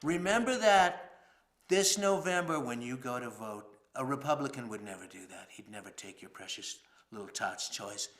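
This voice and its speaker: A man's voice: mid-range voice, expressive, moderate pace, a bit bright. A man doing an earnest political ad voice. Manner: preachy, earnest. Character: earnest male political ad narrator.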